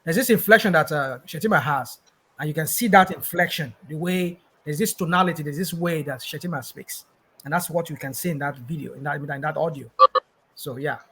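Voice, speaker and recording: Fast-talking bright male show host. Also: fairly high pitch, slightly rough. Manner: quick, challenging interjections. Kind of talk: panel discussion.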